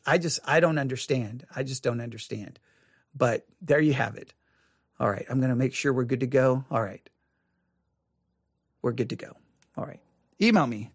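A Bible study podcast host, hoarse and losing their voice, rambling in exasperation with many restarts while reviewing a sermon. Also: mid-range voice, no room sound, clean studio sound.

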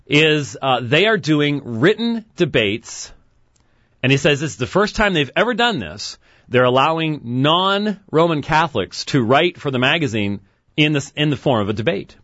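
A man's voice: on the high side, no echo. A man hosting a call-in webcast in a studio, talking casually with sarcastic asides. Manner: sarcastic, lively, quick asides and chuckles. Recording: dull dry studio sound.

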